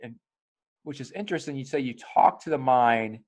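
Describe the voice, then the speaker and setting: A man hosting a podcast in casual conversation, energetic, swearing freely and acting out quotes of other people. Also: medium pitch, normal speed. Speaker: podcast host.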